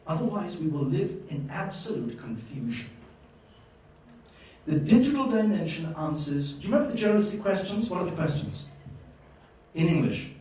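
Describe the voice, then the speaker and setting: Animated man lecturing in an echoey hall. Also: a little high, a little hiss or hum. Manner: animated, playful, questions the audience. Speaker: guest lecturer at a journalism school. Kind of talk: lively master-class lecture. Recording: echoey hall, distant mic, faint ambience.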